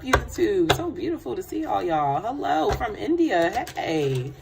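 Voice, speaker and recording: A woman hosting a tarot livestream, animated and laughing with viewers, dropping to a soft voice to pray. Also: fairly high pitch, measured pace, gravelly, noisy background. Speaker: tarot reader and livestream host. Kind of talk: livestream chat with prayer.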